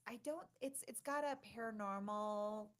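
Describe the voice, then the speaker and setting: Woman, livestream co-host, excitable, rambling, lots of ums. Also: mid-range voice, normal speed. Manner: excitable, rambling, many fillers and restarts. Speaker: conference organizer and co-host. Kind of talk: casual livestream chat.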